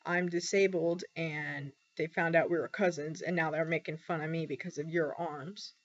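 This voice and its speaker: A woman's voice: low-pitched, steady tone. Candid young woman vlogging, lo-fi. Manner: candid, halting, many pauses and ums. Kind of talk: personal confessional vlog. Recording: dull lo-fi recording.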